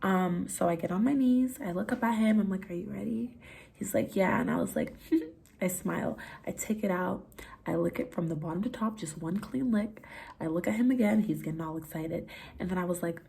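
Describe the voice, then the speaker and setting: Young woman vlogging a story time, husky lowish voice, laughs a lot, gets hushed then loud. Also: brisk.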